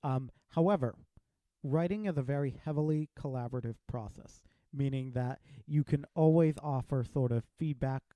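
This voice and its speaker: A man's voice: medium pitch, normal speed, warm tone, dry recording. A man hosting a podcast, chatting casually as he reviews a film and retells its scenes with quoted lines. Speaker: podcast host.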